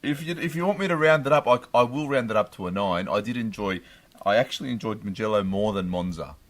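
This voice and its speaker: Aussie bloke cohosting a podcast, bit low, laughs a lot, really into it. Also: male voice, expressive, fast talker. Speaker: podcast co-host. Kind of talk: casual chat.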